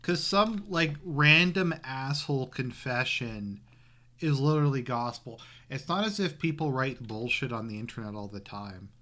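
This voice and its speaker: A man's voice: mid-range voice, lively intonation, normal speed, pushed and bright. A man giving crude, sarcastic reaction commentary over a stream, rambling with fillers. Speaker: commentary YouTuber.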